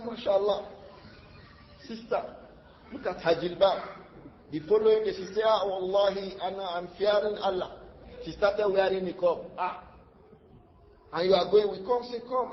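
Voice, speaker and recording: A man with a Nigerian accent giving a lively sermon as an Islamic lecturer, acting out dialogue in his stories and laughing often. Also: high-pitched, a little hiss or hum. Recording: dull lo-fi lecture recording.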